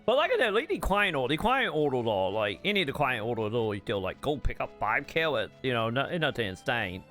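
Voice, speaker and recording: A man's voice: mid-range voice, big pitch swings, fast talker, a bit bright, faint music behind. A man hosting a gaming channel, ranting casually about a game's story, rambling with fillers and restarts and swearing bluntly when exasperated.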